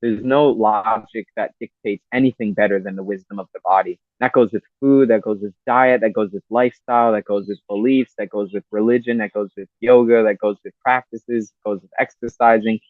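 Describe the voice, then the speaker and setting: A man's voice: lowish voice, steady tone, fairly quick, few pauses, no echo. A man, a podcast guest, giving earnest, rambling spiritual advice full of "you know" and "man". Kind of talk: spiritual talk in casual interview. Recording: tinny phone-like line.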